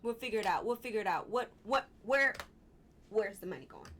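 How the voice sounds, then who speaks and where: A woman's voice: medium pitch, expressive, brisk, fairly bright tone, slight background noise. A woman hosting a casual commentary vlog, exasperated and rambling, with frequent restarts and apologetic asides. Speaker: vlog host.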